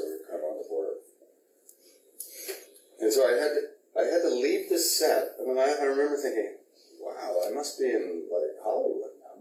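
A man's voice: lowish voice, darkish tone. A male actor in an interview, animatedly telling a behind-the-scenes story and laughing often. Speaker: actor guest. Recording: roomy, distant mic, faint noise.

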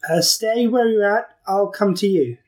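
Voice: mid-range voice, unhurried, a little mellow. A podcast host chatting casually, laughing and swearing freely. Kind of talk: casual chat.

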